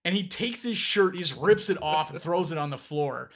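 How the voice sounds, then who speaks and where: A man hosting a casual podcast, telling stories in a rambling, animated way, with frequent restarts, into a podcast microphone. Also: a little high, moderate pace. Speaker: podcast host. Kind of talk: casual chat.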